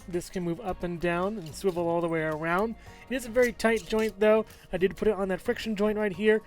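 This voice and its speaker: A man giving a casual, upbeat toy review, chatting as he handles the figure and points out its parts. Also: high voice.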